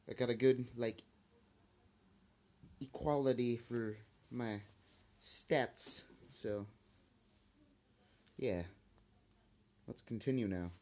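A young man commentating his own mobile wrestling game, taunting and swearing at his opponent. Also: mid-range voice. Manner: trash-talking, taunting, swearing. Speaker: mobile game let's player. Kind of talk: let's play commentary. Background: screen tapping clicks.

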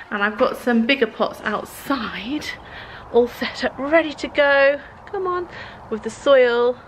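A woman's voice: a little high, slight background noise, rough recording. A woman chatting casually in her vlog, rambling and poking fun at herself. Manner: chatty, rambling, self-deprecating. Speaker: vlogger.

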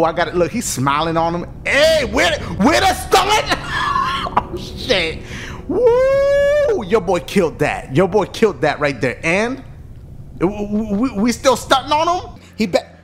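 Hyped, high-voiced profane game commentator man. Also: wildly swooping pitch, measured pace. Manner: loud, profane trash talk, frequent yelling and laughter. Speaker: gaming commentator. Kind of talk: excited let's-play commentary. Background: game music.

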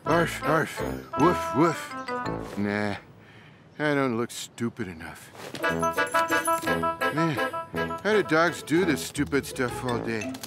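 A man's voice: medium pitch, animated, slow pace, pauses often. An actor voicing a lazy, sarcastic male orange cat in a cartoon, with a smug drawl. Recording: music bed under dialogue.

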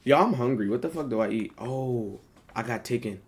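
A man's voice: medium pitch, expressive, normal speed. A man streaming on a video chat app, chatting in a joking, slangy, profane way. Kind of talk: casual chat.

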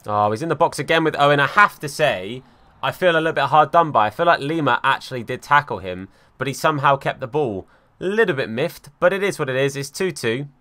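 A young man giving live commentary over his football video game, swinging from calm play-by-play to exasperated outbursts. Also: medium pitch, fairly quick. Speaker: gaming YouTuber.

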